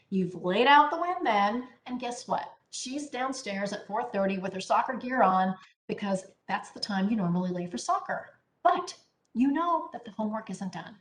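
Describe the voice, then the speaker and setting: A woman's voice: on the high side, animated, moderate pace, a bit bright. A woman giving an instructional parenting presentation, speaking emphatically and often checking in with "right?". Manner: emphatic, keeps asking "right?". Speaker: parenting educator. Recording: echoey room.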